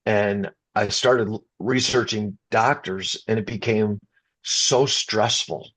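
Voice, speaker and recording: Husky-voiced man telling a heartfelt story. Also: fairly low pitch, steady tone, takes it slowly, a bit bright. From Chicago area, USA. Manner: emotional, repeats and restarts, gets choked up. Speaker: rock band singer, interview guest. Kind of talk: conversational interview storytelling.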